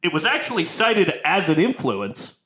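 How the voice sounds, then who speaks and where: A man's voice: sits high, huge pitch swings, fairly bright tone, slight background noise. A man co-hosting a casual film podcast, contrarian and rambling, full of fillers. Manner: contrarian, drawn-out with many fillers. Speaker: podcast co-host. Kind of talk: casual chat.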